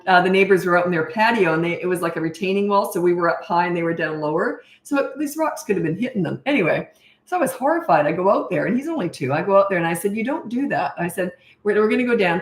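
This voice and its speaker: A middle-aged woman parenting coach telling a story in a casual Q&A, animated and self-mocking, acting out what people said. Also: on the low side, echoey room.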